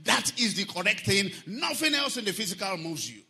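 High, bright-voiced preacher. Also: male voice, brisk. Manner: animated preaching, sing-song emphasis, asks the congregation questions. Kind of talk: sermon.

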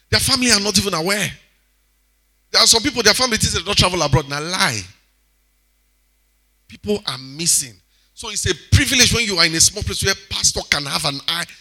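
A man with a Nigerian accent preaching to a congregation, animated, swinging between loud exclamations and quiet asides. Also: high-pitched. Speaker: church speaker exhorting congregation. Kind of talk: sermon.

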